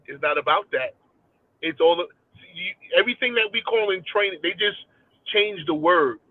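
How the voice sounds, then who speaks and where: A man joins a casual podcast chat over a tinny, phone-like line. His voice sits high for a man and sounds dry and close. He halts and stammers as he restarts his sentences. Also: moderate pace, no echo.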